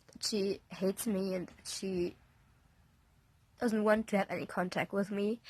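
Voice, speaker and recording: Young woman, shaken after a panic attack, halting, apologetic, soft half-whisper, raspy fry, dry close sound. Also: medium pitch, no echo. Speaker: vlogger. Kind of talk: confessional personal vlog. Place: indoors, on a bed in a bedroom.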